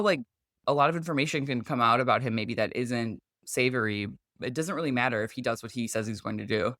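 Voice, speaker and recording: A man's voice: medium pitch, a bit bright, no echo, studio quality. A man co-hosting a podcast, explaining astrology charts in a chatty, casual way with frequent "like" and "you know".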